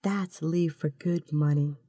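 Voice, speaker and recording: A woman voicing an excitable young female friend who talks loudly and eagerly in a storybook tale. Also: low-pitched, slow, dry recording, studio quality. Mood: awed whisper. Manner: excited, breaks into loud exclamations and whispers.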